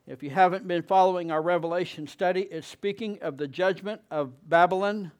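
A man preaching a sermon, reading scripture with slow, emphatic delivery and rising exclamations. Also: sits high, smooth. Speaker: pastor.

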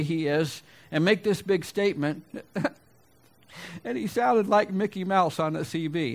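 A man's voice: sits high, a little slow, creaky. Folksy storytelling male preacher. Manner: folksy storytelling, rhetorical questions. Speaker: pastor. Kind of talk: sermon with personal story.

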